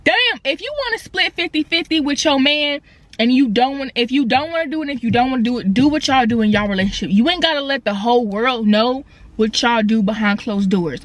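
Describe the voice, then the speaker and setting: A young woman talks into her phone camera, pitched a little high, telling a casual storytime rant. She is animated and slangy, with quick asides and sudden swings between loud and quiet. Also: no room sound. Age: young adult. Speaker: vlogger. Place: indoors, in her car.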